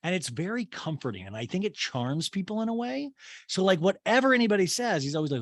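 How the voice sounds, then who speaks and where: A man hosting a comedy podcast, recapping a TV show in a gossipy, animated way. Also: high voice, fast, no room sound, studio quality. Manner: gossipy, animated, full of "like" asides. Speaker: podcast host.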